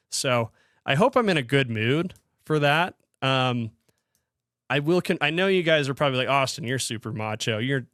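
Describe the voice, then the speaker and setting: A man's voice: medium pitch, fairly bright tone, no echo, studio quality. A man hosting a casual solo hockey podcast, rambling with frequent restarts and fillers. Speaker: podcast host.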